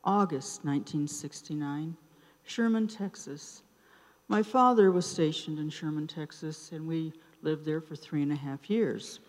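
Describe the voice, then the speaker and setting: A woman in her seventies telling a personal story at an open mic night in a theater, taking her time with dramatic pauses between short phrases. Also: deep voice. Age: 70s. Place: theater stage. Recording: reverberant live theater sound.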